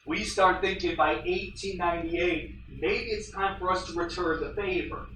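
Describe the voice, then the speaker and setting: A man's voice: high-pitched, normal speed, reverberant, recorded from a distance, a little hiss or hum, poor audio. A male history teacher lecturing his class, telling stories and acting out the voices he quotes. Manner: animated storyteller, acts out quoted voices. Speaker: high school history teacher.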